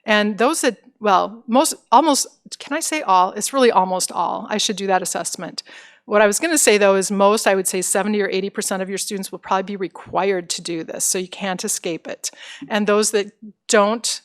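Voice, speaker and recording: A woman's voice: medium pitch, fairly quick. A middle-aged woman presenting career services to parents in an encouraging, conversational way, with fillers and restarts.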